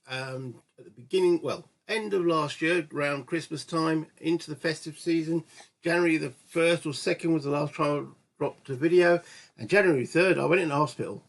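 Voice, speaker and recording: Husky man chatting over a board game. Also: a little high. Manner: chatty and rambling, often correcting himself. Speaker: host of a gaming channel. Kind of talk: casual solo board game let's-play commentary.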